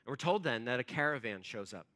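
A male pastor giving a sermon as relaxed storytelling, acting out quotes and using many fillers. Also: medium pitch, fast. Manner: conversational storytelling, acts out quotes, frequent fillers. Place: church.

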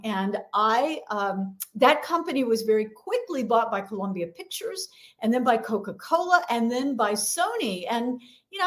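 Chatty middle-aged woman, self-deprecating storyteller. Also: fairly high pitch. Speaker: guest, leadership coach. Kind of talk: conversational interview.

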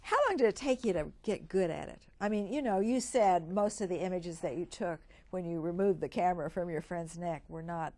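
A woman's voice: on the low side, brisk, few pauses, warm tone. A woman hosting an interview and asking curious follow-up questions in a casual chat. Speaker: interview host.

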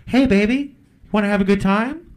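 A man voicing a sleazy, coaxing adult woman streetwalker in a stand-up bit, pitched up over a live crowd. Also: moderate pace, lightly acted. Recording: live club with laughing crowd.

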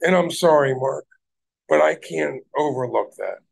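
A man's voice: a little high, measured pace, vocal fry, breathy edge. A man hosting a livestream, ranting heatedly at people in his chat and swearing heavily. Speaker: livestream host.

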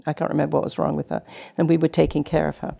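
Older woman from England, guest storyteller, gravelly low dark voice. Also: racing. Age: 70s. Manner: chatty, animated anecdotes. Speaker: guest, retired nurse. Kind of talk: casual storytelling interview. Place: community TV studio.

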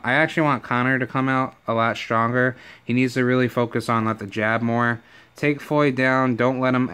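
A young man giving excitable, profane, rambling vlog commentary full of fillers. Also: medium pitch, smooth. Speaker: YouTuber.

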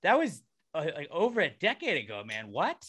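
Young male podcast co-host, bright voice, rambling jokey banter, casting for a casual sports chat show. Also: fairly high pitch, wildly swooping pitch, fairly quick, husky. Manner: loose, rambling, jokey delivery with frequent fillers.

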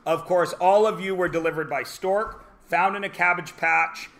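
A man in his forties teaching a high school math class, joking with the students between problems and sometimes bursting into shouts. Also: fairly even intonation, normal speed. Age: 40s. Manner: wisecracking, theatrical asides and bursts of shouting.

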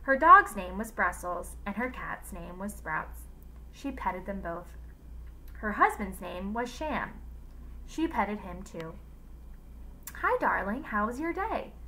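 A woman teacher reading a storybook aloud in a lively, expressive way. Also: medium pitch, slow pace, poor audio.

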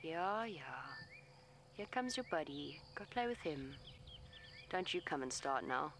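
Against a noisy background, a woman safari guide in her vehicle speaks a little slowly in a low voice with lively intonation. She coaxes an elephant in a soothing, pleading tone and, in live commentary to camera, explains its behavior matter-of-factly.

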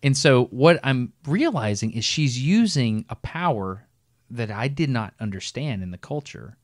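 A middle-aged man co-hosting a podcast, telling a long story in a casual, animated way and breaking into laughs as he goes. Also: medium pitch, a little slow, no echo, studio quality. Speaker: podcast co-host.

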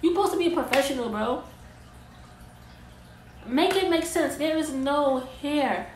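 Fired-up woman ranting in an echoey room. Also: high-pitched. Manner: heated, profane, emphatic. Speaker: vlogger and wig maker. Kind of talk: storytime rant. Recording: echoey room, faint ambient noise.

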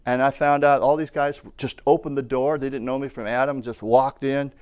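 Smooth-voiced male preacher. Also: mid-range voice, flat delivery, normal speed. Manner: storytelling preacher, rising to loud calls of amen. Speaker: pastor. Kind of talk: sermon.

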